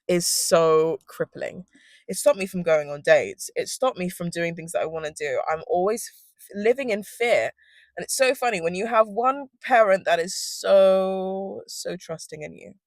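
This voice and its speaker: A woman's voice: medium pitch, no echo. A woman in her twenties, sniffly, telling a candid storytime in a rambling, sweary, self-interrupting way while sitting in a car. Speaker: vlogger. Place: inside a car.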